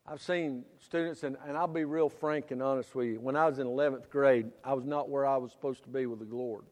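A middle-aged man preaching a sermon, swinging from loud preaching to quiet storytelling. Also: medium pitch, fairly even intonation, fairly quick. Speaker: pastor. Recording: church hall reverb.

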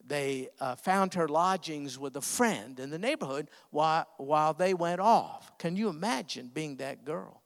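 A male preacher with a slightly raised pitch delivers an emotional sermon story at an unhurried pace. He pauses often, and his voice carries a long hall echo. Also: lively intonation, gravelly.

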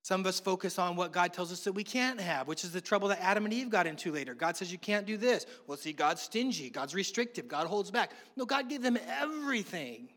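A middle-aged man with a notably high voice preaches a sermon in an easygoing, conversational way, mixing teaching with funny family stories. His voice rings out with a long reverb, as in a large hall. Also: animated, fairly quick, few pauses, a bit bright. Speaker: pastor.

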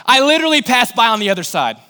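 A man's voice: very high-pitched, quick pace, clean tone. A young man giving a sermon as pastor, talking in a conversational way and acting out little scenes as he tells stories. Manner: conversational, animated storytelling with acted-out asides. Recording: long hall reverb.

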